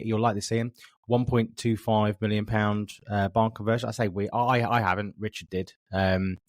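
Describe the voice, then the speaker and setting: A man's voice: fairly low pitch, no echo, clean studio sound. A man hosting a podcast who opens the show and teases his co-hosts in casual banter. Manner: teasing, jokey banter. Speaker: podcast host.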